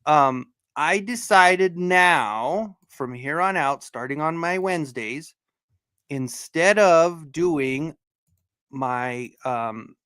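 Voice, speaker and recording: A man's voice: fairly high pitch, a bit bright, smooth, no room sound, studio quality. A man from Southern Colorado hosting a livestream, greeting his chat in a loose, joking way with casual swearing. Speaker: livestream host.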